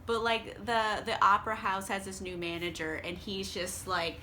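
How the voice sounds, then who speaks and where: A woman's voice: mid-range voice, flat delivery, moderate pace, bright, forceful tone, a little hiss or hum. A tipsy young woman recapping a book in a profane, rambling way and laughing often. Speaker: book vlogger.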